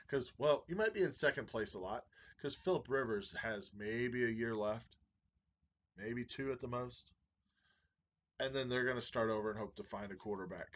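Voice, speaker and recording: A man who runs a fantasy football league, giving members a casual video update in an excited, rambling fan's manner. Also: fairly low pitch, husky. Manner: excited, rambling sports fan banter.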